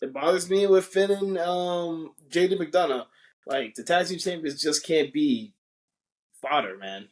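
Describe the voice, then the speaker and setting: A man co-hosting a podcast, animated and opinionated, often restarting his sentences while grading matches. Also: on the high side, a little slow. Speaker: podcast co-host. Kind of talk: casual wrestling review chat.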